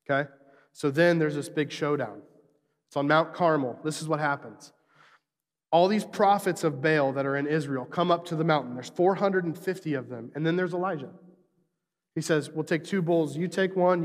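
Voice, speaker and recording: Storytelling preacher with a higher voice. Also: male voice, moderate pace, in a large hall. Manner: storytelling, animated retelling of scripture. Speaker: pastor. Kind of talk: sermon.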